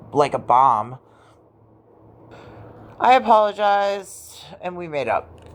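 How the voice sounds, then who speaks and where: A woman with a low-pitched voice tells a story to her viewers in a loose, unscripted way. She talks bluntly and swears often, and she acts out what each person in her story said. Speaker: vlogger. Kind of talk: casual storytelling vlog.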